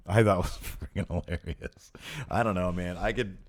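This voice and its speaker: A man co-hosting a wrestling review podcast in casual chat, animated and laughing often, acting out what the wrestlers said. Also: sits low, normal speed. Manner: animated, acts out quoted lines. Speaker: podcast co-host.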